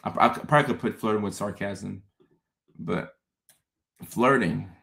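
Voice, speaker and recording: A man hosting a casual live stream, talking straight to his viewers in an animated way, often repeating words and acting out his own confused thoughts. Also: fairly low pitch, normal speed, creaky. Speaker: host. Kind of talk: casual livestream talk to viewers.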